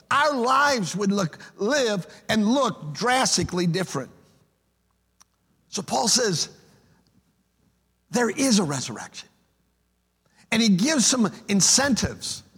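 A man's voice: extremely high pitch, a bit bright, slightly rough. A pastor preaching an emphatic sermon, often repeating words as he starts a phrase. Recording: long reverb of a large hall.

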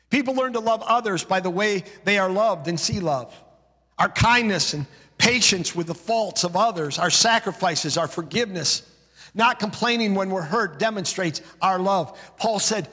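A man's voice: high-pitched, bright, forceful tone, slightly rough, in a large hall. A male pastor preaching a sermon, emphatic, building his points through rhythmic repeated lists.

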